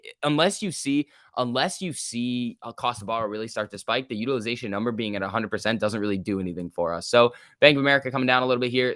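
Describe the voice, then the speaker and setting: A young man hosting a live stock market stream, talking casually and excitably, swearing freely and reading chat aloud. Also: medium pitch, dry recording, studio quality. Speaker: stock market livestream host.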